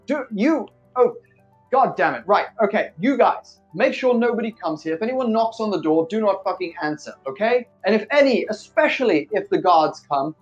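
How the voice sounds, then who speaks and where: A man's voice: sits high, dull audio, voice pushed up. A man voicing an exasperated guardian of unruly teenage boys who scolds and swears at them.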